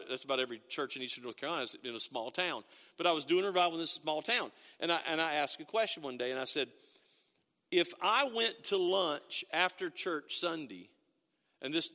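A middle-aged man preaching a sermon, his voice pitched high and ringing bright. He talks in a folksy, storytelling way, often stopping to restart a phrase. His words trail into a long reverberation around the church. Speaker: pastor. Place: church sanctuary.

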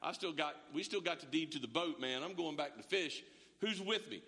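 A man's voice: on the high side, animated, a little fast, sharp tone, long reverb tail, pitched below the performer's own voice. A male preacher voicing a fed-up disciple who is quitting to go back to fishing, drawling and slangy. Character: weary fisherman disciple, grown man, fed up.

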